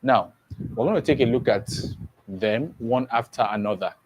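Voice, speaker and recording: A man's voice: mid-range voice, normal speed, dull audio, slight background noise. A man teaching a class for an exam, who repeats key phrases and keeps checking that students follow. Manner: repetitive, checks understanding often. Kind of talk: exam prep lesson.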